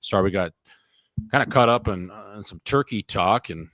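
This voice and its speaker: A man co-hosting a comedy podcast, trading crude, rapid-fire banter and slipping into mock hockey play-by-play. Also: fairly low pitch, a bit bright, no echo. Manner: rapid, profane, riffing on characters. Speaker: podcast co-host.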